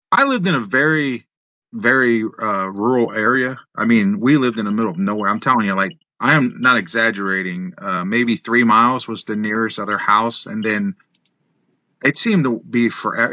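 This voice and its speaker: A man in his fifties, a podcast guest who tells lively stories from his past, acting out voices, laughing and swearing. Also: medium pitch, no echo. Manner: animated storyteller, acts out voices, laughs, swears. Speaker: podcast guest, wrestler and musician. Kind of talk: casual storytelling. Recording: dull, slightly lo-fi, dry.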